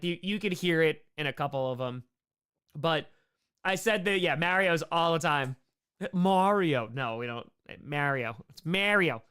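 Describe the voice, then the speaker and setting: A young man with a New York accent talks fast and playfully, reading viewer questions aloud and riffing on the answers. His voice sits a little high and comes through smooth and clear. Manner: fast, animated, playful, reads chat aloud. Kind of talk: casual live Q&A chat.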